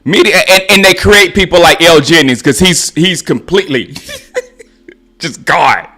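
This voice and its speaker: A man's voice: a little high, normal speed, sharp tone. A man hosting his own live stream, ranting about football in a casual, mocking way, often laughing and restarting his sentences. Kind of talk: casual sports rant.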